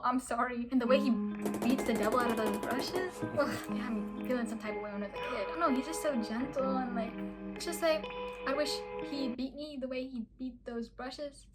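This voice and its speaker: A young woman vlogger reading out viewer confessions in casual chat, animated and giggly with dramatic reactions. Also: sits high. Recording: loud music playing behind the voice.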